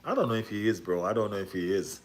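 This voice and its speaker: A man hosting a football livestream, ranting excitably and repeating himself with rhetorical questions. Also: deep voice, fast. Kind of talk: casual livestream rant.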